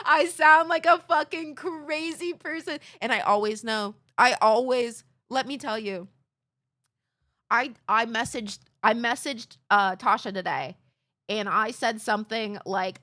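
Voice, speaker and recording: Young female streamer, bright voice on the high side, rambling and self-mocking, swears freely. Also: normal speed. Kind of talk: casual chat with chat.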